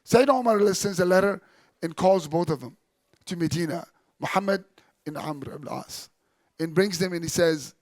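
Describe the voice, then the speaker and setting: A man lecturing as an Islamic teacher, telling a historical story in an animated way. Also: high voice, normal speed, dry recording. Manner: animated storyteller, quotes figures in dropped voice. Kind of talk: storytelling religious talk.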